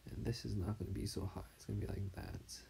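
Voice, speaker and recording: A tired man with something in his throat, mumbling softly and half-whispering as he comments on his drawing. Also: fairly low pitch, fairly even intonation, fast, creaky, slight background noise. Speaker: artist streaming his drawing. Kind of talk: casual commentary while drawing.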